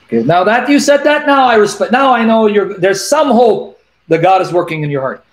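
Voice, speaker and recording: A man hosting a call-in show, emphatically explaining scripture, repeating references and reading verses slowly. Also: high voice, animated.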